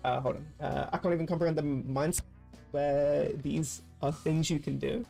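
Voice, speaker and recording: A man's voice: fairly high pitch, fairly even intonation, moderate pace, gravelly, mellow, faint music behind. A man streaming while gaming, thinking aloud in loose, rambling casual chat with frequent swearing. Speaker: livestreamer.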